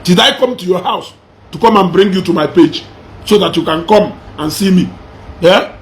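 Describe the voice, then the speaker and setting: Brief: Igbo-accented Nigerian male commentator, high voice, combative, taunting, repetitive rant. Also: normal speed. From southeastern Nigeria. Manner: mocking, combative, repeats phrases for emphasis. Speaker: social media commentator.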